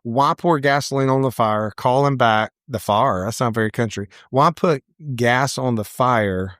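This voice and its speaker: Animated male storyteller, dry close sound. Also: medium pitch, moderate pace, dry recording. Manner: animated storyteller, acts out quoted voices, laughs often. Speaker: salon owner, podcast co-host. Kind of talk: casual storytelling chat.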